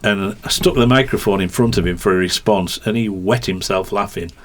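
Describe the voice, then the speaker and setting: A man, a motorcycle racing commentator, spins long anecdotes in a podcast interview. His voice sits a little low, and he restarts his sentences again and again, quick to break into a laugh. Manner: rambling storyteller, many restarts, quick to laugh.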